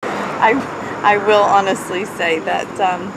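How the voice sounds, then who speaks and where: A woman's voice: medium pitch, fairly even intonation, slow pace. A woman stand-up comedian in a casual interview, chatty and rambling as she tells stories. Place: outside a comedy bar by a street. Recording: loud street and traffic noise outdoors.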